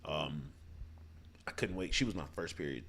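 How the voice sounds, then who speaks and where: A man's voice: extremely low pitch, moderate pace, vocal fry, a bit bright, a little hiss or hum. A man hosting a reaction video, talking casually and with enthusiasm, rambling a bit. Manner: enthusiastic, laughs easily, rambling.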